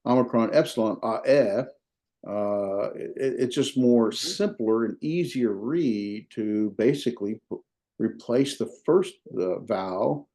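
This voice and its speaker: A man's voice: fairly low pitch, expressive, measured pace, warm tone. A man with a Southern US accent teaching a beginner Greek class in a folksy, repetitive way with many fillers. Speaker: Greek instructor. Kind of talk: informal classroom lecture.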